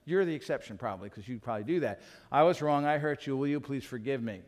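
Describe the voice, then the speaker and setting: A man preaching a sermon as pastor, animated and acting out little scenes as he teaches. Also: mid-range voice, quick pace. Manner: animated, acts out quotes in other voices. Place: church. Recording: long reverb of a church hall.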